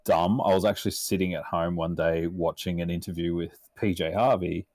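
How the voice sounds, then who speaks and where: Brief: young aussie bloke, very low voice, dry close sound, rambling sweary storyteller. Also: male voice, fairly even intonation, a little fast, a little mellow, dry recording. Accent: Australian. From Australia. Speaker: podcast guest. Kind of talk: casual podcast chat.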